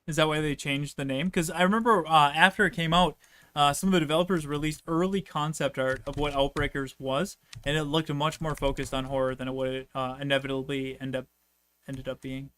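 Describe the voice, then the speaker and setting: A man's voice: a little high, steady tone, fairly quick, a bit bright, a little hiss or hum. A man hosting a casual game stream, talking in a laid-back, rambling, joking way while he plays and reads out viewer messages. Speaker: streamer host playing the game.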